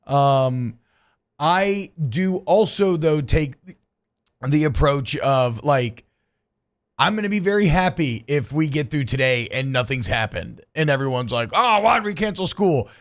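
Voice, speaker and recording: A man's voice: medium pitch, lively intonation, a little slow, clear, resonant tone. A man hosting a sports radio show in a studio, chatting casually with many restarts and jokes. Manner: rambling, jokey, many restarts.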